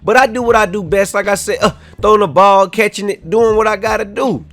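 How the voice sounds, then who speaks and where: High, bright animated young gamer guy. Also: a little fast, dry recording. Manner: animated, trash-talking, half-sung asides. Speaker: gaming YouTuber. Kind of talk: casual gameplay commentary. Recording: faint music behind.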